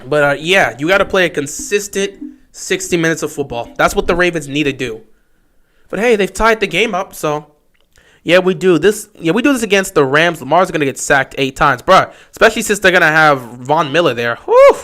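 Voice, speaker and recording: A man giving excitable fan play-by-play commentary on a livestream, talking straight to his team. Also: a little high, fairly quick.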